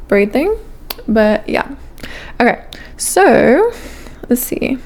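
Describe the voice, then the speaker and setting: A woman's voice: fairly high pitch, a little mellow. A young woman vlogger in casual chat, rambling and chatty, filling her talk with "like" and swearing casually.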